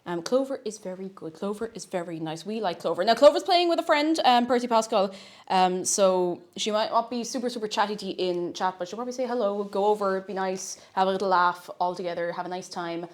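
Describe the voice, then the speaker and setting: A woman streaming live, chatting casually in a scattered, playful way that breaks into sing-song and shouting. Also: medium pitch, brisk.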